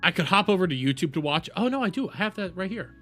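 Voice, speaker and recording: A man streaming a reaction video, talking casually with profanity and mockery, jumping from shouts to low mutters. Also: animated, quick pace, soft background music. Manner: loud, profane, mocking, swings between shouts and mutters. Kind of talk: casual livestream reaction commentary.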